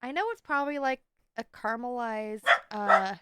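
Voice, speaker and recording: A woman's voice: on the high side, a little slow, very noisy. A woman livestreamer chatting casually to her stream, rambling and playful with a self-mocking edge.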